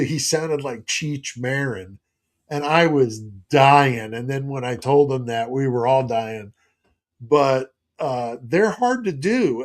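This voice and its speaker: A middle-aged man talks casually on a live stream at an average pitch. He rambles from one story to the next and stops now and then to read viewer comments aloud.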